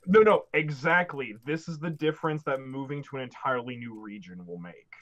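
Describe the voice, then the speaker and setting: A man chatting as a guest on a live stream, arguing his point with profanity and quick restarts. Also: medium pitch, fairly bright tone, muffled recording. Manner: argumentative, profane, stammering restarts. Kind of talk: casual chat on a live stream.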